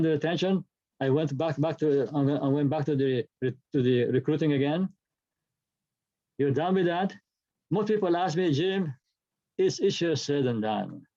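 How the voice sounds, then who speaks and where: A man leads a workshop, speaking with emphasis and returning to the same key phrases. His voice sits a little high but has a mellow, soft-edged tone. The recording is dull and lo-fi. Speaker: workshop presenter. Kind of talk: workshop talk.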